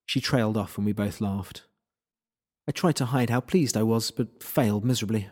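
A man's voice: lowish voice, moderate pace, a little mellow. A man narrating a first-person story in a wry, self-deprecating way.

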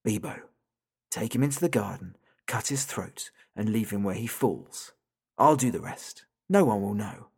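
A man voicing a sinister unseen entity speaking through a toy phone, slow, soft and mocking, in an audiobook story. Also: on the low side, animated, creaky, husky, exaggerated voice. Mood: menacing. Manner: taunting, soft and slow, drawing out the listener's name. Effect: tinny and thin through a phone.

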